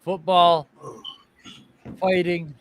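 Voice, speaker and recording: A man's voice: high voice, flat delivery, drawn-out words. A middle-aged man co-hosting a casual sports livestream, giggly and chatty. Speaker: co-host.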